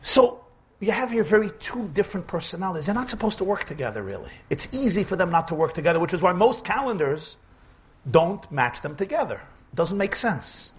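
A man giving a humorous sermon to an audience, telling lively stories, acting out quotes and dropping in Yiddish words. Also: sits high, a little fast. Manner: animated storytelling with Yiddish words and acted-out quotes.

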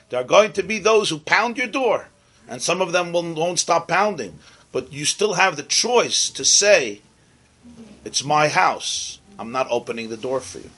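Brief: male rabbi, bright and lively storyteller, mixes in Hebrew and Yiddish words. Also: a little high. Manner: animated storyteller, sprinkles Hebrew and Yiddish terms. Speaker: rabbi teaching. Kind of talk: storytelling sermon.

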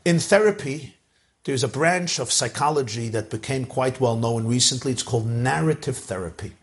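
A man's voice: mid-range voice, expressive, moderate pace. A man giving an emphatic Torah lecture as a rabbi, repeating phrases for emphasis and using an Ashkenazi Hebrew pronunciation. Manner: mixes Hebrew and Yiddish words into English.

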